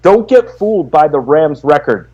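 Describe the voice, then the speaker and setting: A man's voice: on the high side, very animated, normal speed, darkish tone. A man co-hosting a live fantasy sports talk show, giving short, confident opinions and agreeing readily. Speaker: fantasy sports radio co-host. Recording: slightly dull, lo-fi audio.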